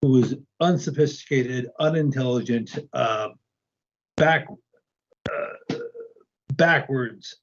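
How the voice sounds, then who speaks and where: A man with a mid-pitched, ordinary voice tells stories as a guest. He hesitates often and restarts his sentences. The audio is dull and lo-fi. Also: takes it slowly, pauses often. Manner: hesitant, many ums and restarts. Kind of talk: casual conversation.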